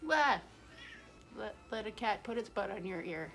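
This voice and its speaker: A woman's voice: medium pitch, animated, normal speed, gravelly, fairly bright tone, soft background music. A woman hosting a casual cooking vlog in her home kitchen, chatty and self-mocking, laughing often. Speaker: cooking show host.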